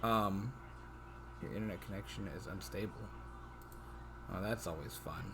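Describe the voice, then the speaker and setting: A man's voice: lowish voice, expressive, moderate pace, pauses often, noisy background. A man hosting a casual podcast chat over a video call, trading jokes and playful banter. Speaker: podcast host.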